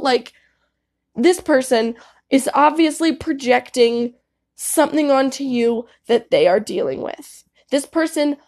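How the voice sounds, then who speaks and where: High-voiced young woman, candid and blunt. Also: darkish tone. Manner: candid, swears freely, says "like" often. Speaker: vlogger. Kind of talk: casual advice monologue.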